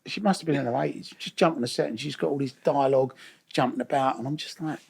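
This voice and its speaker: A man's voice: mid-range voice, fast, creaky, husky. A man, a guest in a casual interview, telling stories in a chatty way, swearing freely and acting out the voices of people he quotes.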